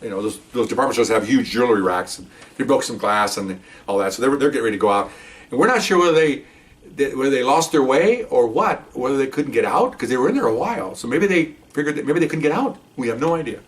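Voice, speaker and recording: An older man, a retired police officer, telling a story in a casual, animated way, laughing and acting out voices. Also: mid-range voice, quick pace, recorded from a distance.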